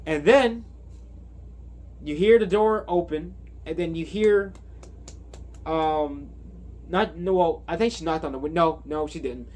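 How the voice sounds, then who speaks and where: Male reviewer, unhurried, rambling and filler-heavy, slightly high voice. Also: darkish tone. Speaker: movie reviewer. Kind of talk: casual movie recap.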